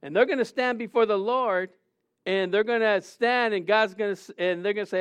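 A man preaching a sermon, animated and conversational, often acting out quotes in a raised voice. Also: high voice, brisk, smooth. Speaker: pastor. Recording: dull lo-fi sound.

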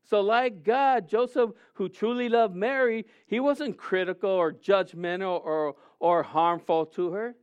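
A man preaching a sermon, animated and conversational, often acting out quotes in a raised voice. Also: sits high, unhurried, few pauses, clear, resonant tone. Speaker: pastor. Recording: dull lo-fi sound.

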